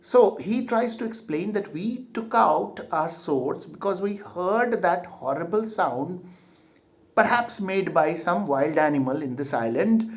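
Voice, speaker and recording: A man explaining a play line by line in a slow, deliberate lesson. He reads each line aloud with emphasis, then puts it into plain words at an unhurried pace, leaning on the key phrases. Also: high voice. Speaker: literature teacher.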